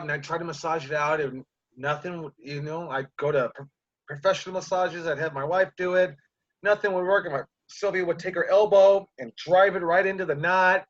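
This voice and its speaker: A man's voice: a little high, a bit bright, highs cut off. A man coaching wrestlers over a video call, telling a rambling personal story in a casual way, swearing often and calling his listener dude and brother.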